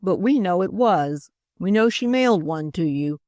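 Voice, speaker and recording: A woman voicing a gruff, bullying male reporter in an audiobook, blunt, growling and demanding. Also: fairly low pitch, lively intonation, normal speed, mellow, no room sound, lightly acted. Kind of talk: audiobook character voice.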